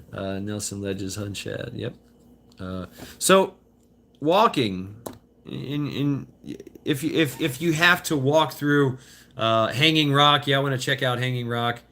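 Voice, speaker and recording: A man's voice: mid-range voice, sharp tone, a little hiss or hum. A man in his fifties rambling casually while out on a walk, loose and profane, stopping and restarting often as he answers viewer chat. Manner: loose, profane, halting with many fillers and restarts. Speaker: vlogger reading viewer chat. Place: outdoors on a walk.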